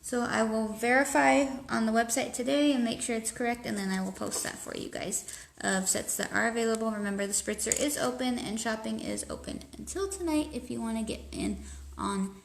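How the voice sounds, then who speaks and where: A woman's voice: fairly high pitch, a little fast, gravelly, a little hiss or hum, rough recording. A woman hosting a casual live nail tutorial from home, chatty and easily sidetracked. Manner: chatty, easily distracted, talks to kids and pets. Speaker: nail polish seller hosting a live stream. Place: home room, indoors. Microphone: phone camera.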